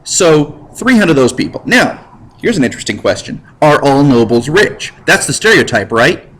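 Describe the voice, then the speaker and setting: Slangy, animated male history teacher. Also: on the high side, normal speed, rough recording. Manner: slangy, jokey, animated with put-on voices. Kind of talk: casual lecture over slides. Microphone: computer mic while drawing with a mouse.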